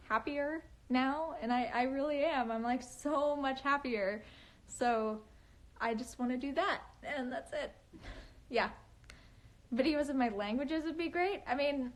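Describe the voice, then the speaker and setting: A young woman with a fairly high voice talks on a phone live stream. Her speech has a chatty valley-girl lilt, with frequent giggles and lots of "um" and "like." She rambles in a relaxed, casual way. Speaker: livestreaming author.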